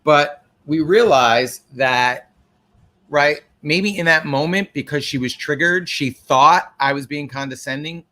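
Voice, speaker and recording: A man's voice: fairly high pitch, a little slow, sharp tone. A man co-hosting a casual podcast, reasoning aloud in a reflective, hesitant way. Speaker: podcast co-host. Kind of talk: casual conversation.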